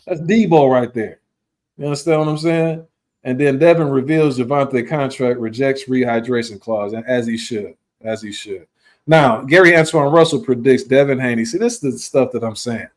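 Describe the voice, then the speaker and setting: A man hosting a live boxing talk show, arguing in heated, slangy chat with sudden jumps in pitch and a lot of repetition. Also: darkish tone. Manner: slangy, repeats himself while arguing.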